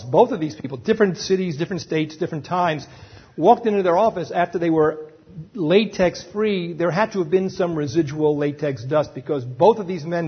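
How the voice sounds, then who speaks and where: A man's voice: a little high, breathy edge, dull audio. A man giving a live lecture on dental emergencies to a roomful of dental staff, emphatic and often checking in with the audience.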